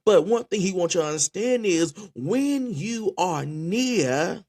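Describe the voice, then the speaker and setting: Guy preaching, kinda high voice, gets worked up and keeps repeating words. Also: expressive, darkish tone. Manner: impassioned, repeats words in quick restarts. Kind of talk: spoken sermon.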